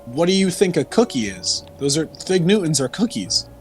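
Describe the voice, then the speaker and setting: A man's voice: fairly high pitch, sing-song, normal speed. Young male co-host, teasing, digs in on arguments, faint music behind. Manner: teasing, stubborn in debate. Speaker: podcast co-host. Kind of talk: casual chat.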